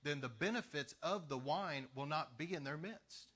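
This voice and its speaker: Bright-voiced man preaching a lively sermon. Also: a little high, moderate pace. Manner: storytelling, animated, laughs between lines. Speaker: pastor.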